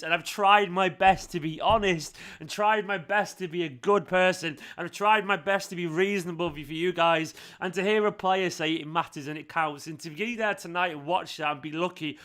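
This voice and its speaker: Bright-voiced man, heartfelt. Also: high voice. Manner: heartfelt, rambling, repeats thanks. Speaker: fan channel host. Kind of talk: emotional to-camera vlog.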